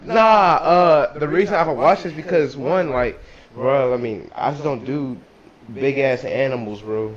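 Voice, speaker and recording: A man's voice: mid-range voice, moderate pace, lo-fi sound, crowd noise. A young man co-hosting a casual livestream chat in a laid-back, easygoing way. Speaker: co-host.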